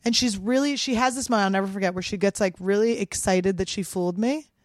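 A woman's voice: medium pitch, fast talker, dry recording, studio quality. A woman from Philadelphia, a comedian, telling a wild story in a casual, profane way. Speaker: comedian guest.

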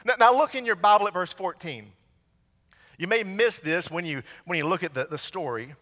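Male preacher, storytelling sermon, tense bright tone, church reverb. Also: high-pitched, moderate pace. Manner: storytelling, rhetorical questions to the congregation. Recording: long hall reverb.

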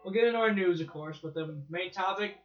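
High-voiced man, chatty podcast co-host. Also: brisk, faint music behind. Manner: laughs easily, chatty. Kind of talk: casual chat. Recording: muffled podcast recording.

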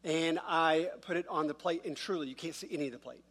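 A man's voice: a little high, quick pace, fairly bright tone. Man preaching with a humorous storytelling touch. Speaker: pastor. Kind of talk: sermon with a personal story. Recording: long reverb of a large church hall.

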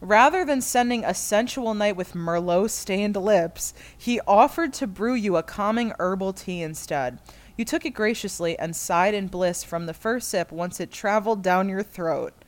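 A woman's voice: medium pitch, normal speed. A woman reading fan fiction aloud to friends, often breaking into laughter as she goes. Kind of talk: comedic dramatic reading.

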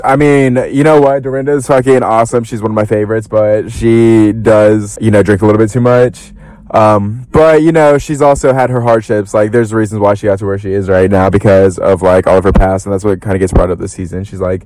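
A young man hosting a podcast, chatting about reality TV in a casual, animated way, full of fillers and swearing, with high-pitched bursts when he quotes people. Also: fairly quick, dry recording, poor audio. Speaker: podcast host. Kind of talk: casual gossip commentary.

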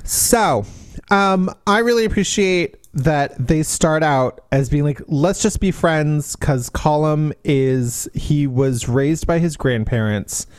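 A man co-hosting a podcast, chatting casually about books, animated and laughing as he acts out quotes. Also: fairly high pitch, takes it slowly, clear, resonant tone, no room sound. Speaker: podcast co-host. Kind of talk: casual book discussion.

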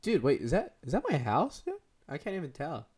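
A man's voice: on the high side, huge pitch swings, fairly quick, darkish tone, breathy edge. A teenage boy co-hosting a podcast, chatting casually with a friend, slangy and rambling, laughing often. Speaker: podcast co-host. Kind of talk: casual chat between friends.

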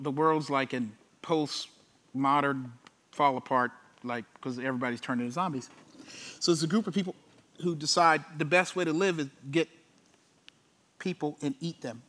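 A pastor preaching a sermon, swinging from loud, emphatic preaching down to hushed near-whispers, with casual conversational asides. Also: male voice, fairly high pitch. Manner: conversational asides with "you know" and "like".

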